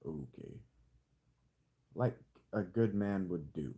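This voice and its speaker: A man streaming a strategy game, talking to himself in rambling, jokey commentary with sudden squeaky jumps and a hammed-up hick drawl. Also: sing-song, slow pace, pauses often, warm tone. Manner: playfully hamming a hick drawl. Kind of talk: casual live-stream commentary.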